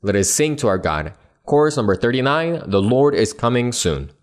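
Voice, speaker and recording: A man's voice: mid-range voice, very animated, moderate pace. A man leading a church congregation in prayer and introducing hymns, speaking in an earnest, devotional way. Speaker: worship leader. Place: church service.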